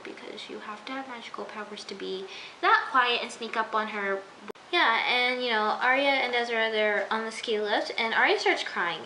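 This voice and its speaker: A woman's voice: mid-range voice, sharp tone. A young woman reviewing a TV episode in a casual, gushing way, chatty and full of fillers. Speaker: TV recap vlogger. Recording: echoey room with faint hiss.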